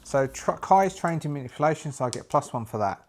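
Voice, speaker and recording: A man's voice: on the high side, animated, fast talker. Man narrating a solo tabletop game. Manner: rambling, thinking aloud, many fillers and restarts. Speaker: solo game master and player.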